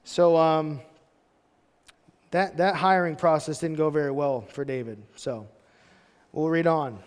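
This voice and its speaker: A man's voice: a little high, unhurried, clean tone, big-room sound. A pastor in his thirties giving a casual, storytelling sermon, full of loose conversational asides. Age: 30s. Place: church hall.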